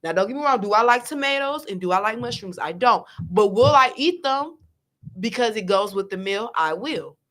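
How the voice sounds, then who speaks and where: Woman co-host, lively swings in pitch, chatty and rambling. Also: normal speed. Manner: animated, chatty, restarts a lot. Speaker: podcast co-host. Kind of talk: casual chat.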